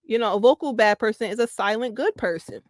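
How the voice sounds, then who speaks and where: A woman talks through her views as a guest on a talk show, pressing each point by saying it again and breaking into easy laughter. Her voice sits a little high. The sound is dry and close, with no room around it. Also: fast talker, no room sound. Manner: emphatic, repeats points, laughs easily. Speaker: podcast guest. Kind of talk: casual commentary chat.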